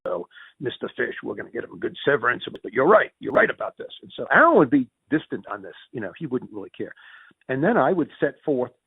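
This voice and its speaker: Speaking quickly in a gravelly, somewhat husky voice, this Yankee-accented man from the northern US recounts business stories as an interview guest. He's animated, swinging widely in pitch to play out quoted conversations, and often trips over words, restarting and repeating himself. The dry audio is tinny and phone-like, with no sense of a room.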